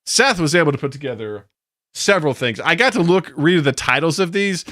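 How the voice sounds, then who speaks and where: A man's voice: a little high, lively intonation, fairly quick, a bit bright, dry recording, clean studio sound. A man co-hosting a casual podcast, rambling loosely, with lots of fillers and cursing. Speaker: podcast co-host.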